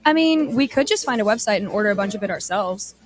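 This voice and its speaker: A woman's voice: mid-range voice, lively intonation, fast. A woman acting in a scripted radio ad dialogue, sounding doubtful and questioning. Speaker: ad voice actor.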